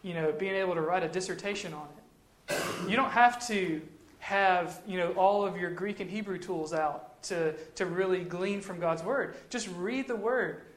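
A man's voice: sits high, moderate pace. A man giving casual devotional teaching, talking in a conversational way and repeating phrases for emphasis. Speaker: Christian teacher. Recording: echoey room.

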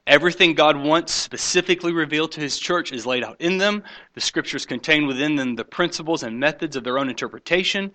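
A man preaching a sermon, swinging between loud emphatic points and quiet hushed asides, mocking skeptics in quoted voices. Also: fairly high pitch, fast talker. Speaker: pastor.

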